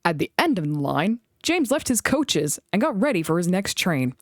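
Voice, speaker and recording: A woman reading a children's book aloud in an expressive storytelling voice. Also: fairly low pitch, moderate pace, dry recording, clean studio sound. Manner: expressive, animated read-aloud.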